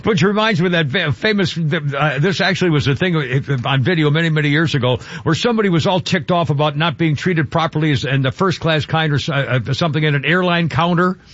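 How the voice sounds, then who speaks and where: A man's voice: a little high, fast, hardly any pauses, a bit bright, no echo, lo-fi sound. A man hosting talk radio, ranting in a mocking, indignant way with many restarts. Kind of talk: opinionated talk radio monologue.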